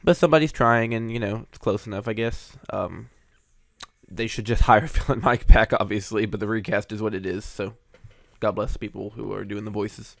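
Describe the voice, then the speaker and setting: A man's voice: fairly low pitch, steady tone, moderate pace, creaky, dry recording. A man hosting, giving casual, hedging commentary on cartoon voice recasts, with frequent fillers. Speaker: host reviewing voice recasts.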